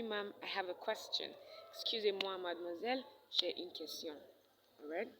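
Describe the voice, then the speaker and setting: A woman teaches French to beginners in a recorded lesson. Her voice sits on the low side, and she repeats each example phrase and checks in with "all right?". A faint hum of background noise runs under the recording. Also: fairly quick, a bit bright, rough recording.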